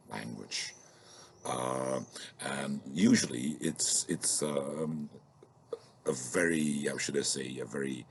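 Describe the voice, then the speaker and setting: A man's voice: very deep voice, gravelly, slight background noise. A middle-aged man lecturing informally on sociolinguistics, thoughtful and hesitant, with many fillers and restarts.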